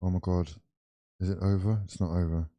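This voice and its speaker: A young man commenting live on a football match for viewers, excitable and full of exclamations as he chats along. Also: deep voice, fairly quick, lo-fi sound. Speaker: watch-along streamer.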